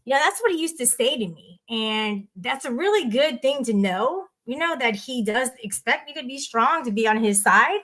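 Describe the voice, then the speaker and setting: A blunt woman with a somewhat high voice hosts a live audio chat room. She rambles casually, swearing freely as she talks to her listeners. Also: lively intonation, moderate pace, few pauses, a bit bright.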